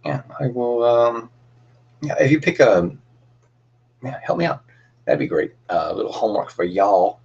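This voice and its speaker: A man's voice: mid-range voice, animated, moderate pace, gravelly, pauses often, a little mellow, slightly rough, lo-fi sound. A young man hosting a casual cosplay livestream, chatting in a rambling, friendly way with lots of fillers and restarts.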